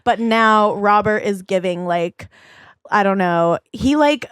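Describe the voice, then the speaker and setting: A woman's voice: mid-range voice, takes it slowly, clear, resonant tone, no echo, clean studio sound. A young woman co-hosting a podcast in casual, bubbly chat, often acting out what other people said. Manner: bubbly, animated, puts on voices for quoted people. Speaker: podcast co-host.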